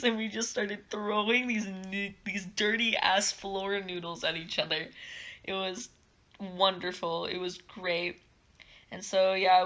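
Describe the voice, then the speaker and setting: A young woman tells a casual story-time vlog with a bright, ringing tone. She rambles along with plenty of fillers and keeps breaking into giggles. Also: mid-range voice. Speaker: vlogger.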